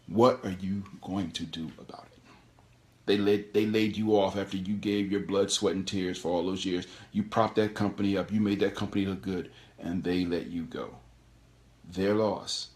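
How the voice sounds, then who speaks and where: A middle-aged man hosting a call-in show, giving animated, preachy career advice and repeating his key phrases. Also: lowish voice. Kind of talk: motivational career talk.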